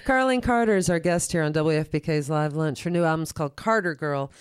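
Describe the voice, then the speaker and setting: Crisp dry-voiced radio host. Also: medium pitch, fairly quick, dry recording. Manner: brief friendly prompts and questions. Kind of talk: radio interview. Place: radio studio.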